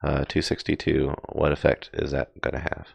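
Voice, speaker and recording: Man, very low gravelly voice, rambling casual market commentary, dry close sound. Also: completely flat delivery, moderate pace, dry recording, highs cut off. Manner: rambling, filler-heavy, self-deprecating asides. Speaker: crypto market streamer. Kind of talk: casual live chart commentary.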